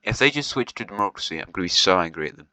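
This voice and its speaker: A man's voice: low-pitched, animated, racing, sharp tone, no room sound, low-quality recording. A man giving casual, rambling commentary on a video series, chatty and half-joking, with lots of ums and restarts. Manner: half-joking, with short laughs.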